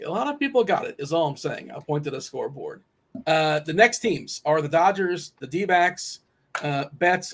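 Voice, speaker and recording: A man hosting a casual sports betting chat, teasing his co-hosts and rattling off team lineups. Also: fairly high pitch. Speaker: host.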